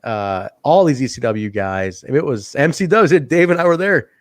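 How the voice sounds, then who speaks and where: A man's voice: medium pitch, animated, moderate pace, no echo, studio quality. A man co-hosting a wrestling podcast in casual chat, swearing freely, rambling and laughing often. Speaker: podcast co-host.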